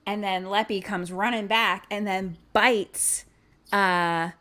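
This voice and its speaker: A woman's voice: medium pitch, steady tone, slow pace, sharp tone. A woman podcast host casually recapping a horror film, swearing freely and acting out the scenes.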